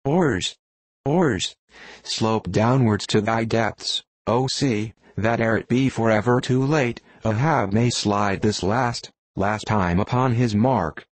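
An old sea captain possessed by his hunt, barking commands in raised, declamatory outbursts, as put on by a male audiobook reader. The voice sits low and is recorded dry and close. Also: slow pace, dry recording. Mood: desperate. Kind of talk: audiobook reading.

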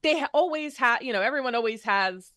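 A woman's voice: on the high side, animated, fairly quick, a bit bright, no room sound, clean studio sound. A woman co-hosting an entertainment news panel, talking casually and rambling with many "you know" fillers. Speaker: co-host.

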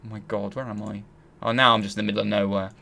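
Gravelly man muttering through a game. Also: on the low side, little pitch movement, quick pace, bright, forceful tone. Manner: thinks aloud, mutters and grumbles while searching. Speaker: gaming channel host. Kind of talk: let's play commentary.

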